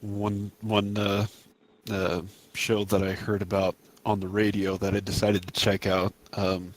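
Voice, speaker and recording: An easygoing man co-hosting a podcast, chatting in a relaxed way. His voice sits a bit on the low side. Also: unhurried. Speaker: podcast co-host. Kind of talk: casual chat.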